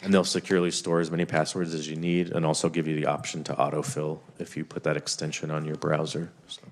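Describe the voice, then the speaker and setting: A man with a very deep voice walks lawmakers through a basic IT training. He speaks haltingly, full of fillers and restarted phrases. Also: little pitch movement. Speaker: IT trainer presenting to committee. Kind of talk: committee presentation.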